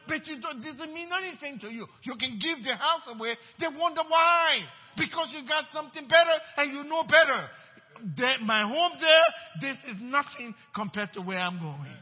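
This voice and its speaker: A man preaching a sermon as pastor in a church, emphatic and repeating his phrases. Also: extremely high pitch. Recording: dull, echoey church hall.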